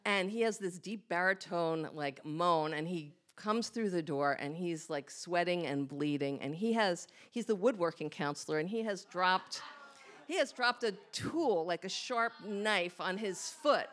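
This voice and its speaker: A woman's voice: on the low side, unhurried, a bit bright. A woman telling a candid, self-mocking personal story on stage before a live audience, acting out her own thoughts as she goes. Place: small hall with a live audience.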